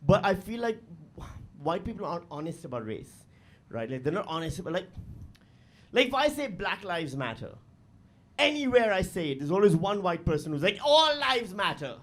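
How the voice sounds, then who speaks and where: A man doing stand-up comedy into a handheld stage mic, his voice pitched high for a man. He swings up and down with lively, animated delivery and breaks into loud mocking voices. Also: moderate pace. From Pakistan. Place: live comedy venue with audience.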